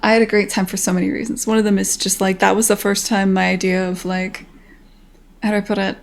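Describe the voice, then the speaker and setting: A rambling, chatty American woman in her thirties, talking casually on a livestream. Her voice carries a gravelly, fried edge at a middling pitch, and she swears freely as she talks. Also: flat delivery, fast talker. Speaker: game developer streamer. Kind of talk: casual stream chat.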